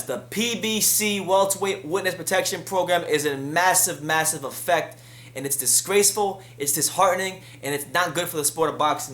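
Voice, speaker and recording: Man, boxing news host, fired-up commentary, higher-pitched voice, echoey room. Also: a bit bright. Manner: heated, rising pitch when frustrated. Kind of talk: solo commentary.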